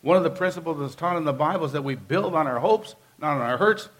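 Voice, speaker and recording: A pastor with a fairly high, fairly bright voice preaches quickly to his congregation. His style is emphatic yet conversational, and he hammers his points home by repeating phrases.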